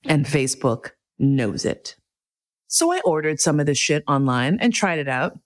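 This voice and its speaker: Animated, foul-mouthed middle-aged woman. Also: low voice, moderate pace. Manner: animated, profane, self-mocking. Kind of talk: candid storytelling monologue.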